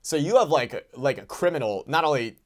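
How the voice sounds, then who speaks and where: A man with an average pitch co-hosts a comedy podcast and plays the interviewer in an improvised sketch. He asks probing questions and laughs along with the guest's answers. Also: lively intonation, a little fast.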